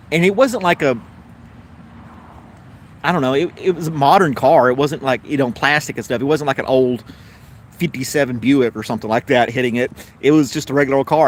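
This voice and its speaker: A middle-aged Southern American man of medium pitch chats with viewers on a relaxed live stream, and a little hiss or hum runs under the recording. His long, meandering stories are loaded with fillers, restarts and self-corrections, and laughter comes easily to him.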